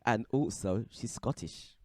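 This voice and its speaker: A man's voice: medium pitch, measured pace. A man co-hosting a morning radio show in an easygoing back-and-forth. He laughs often and answers his co-host with short, playful remarks. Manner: laughs easily, short banter replies. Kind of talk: casual radio show chat.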